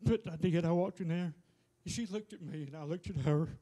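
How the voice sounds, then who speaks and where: A man giving a halting, plainspoken personal testimony to a church. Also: fairly high pitch, warm tone.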